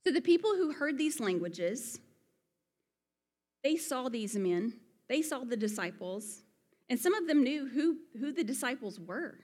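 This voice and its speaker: Speaking at a measured pace in a high, sing-song voice with a darkish tone, a Southern-accented woman from Alabama preaches earnestly and conversationally, adding folksy asides. Long hall reverb colors the recording.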